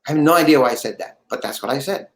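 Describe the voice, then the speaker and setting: A man telling a story as an interview guest, his slightly high voice bouncing in a roomy space. He keeps it animated and acts out the other people's lines as he goes. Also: rapid-fire, gravelly. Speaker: guest actor.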